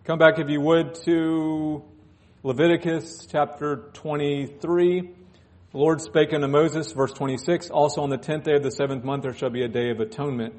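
A man's voice: fairly high pitch, steady tone, normal speed, darkish tone. Man preaching with joking asides. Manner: joking asides between scripture readings. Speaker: pastor. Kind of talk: sermon. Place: church.

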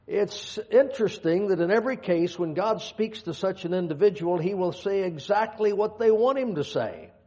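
A man's voice: sits high, moderate pace, hardly any pauses, dark tone. A man preaching a sermon, reading scripture aloud and dropping folksy, joking asides. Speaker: pastor. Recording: dull lo-fi sound.

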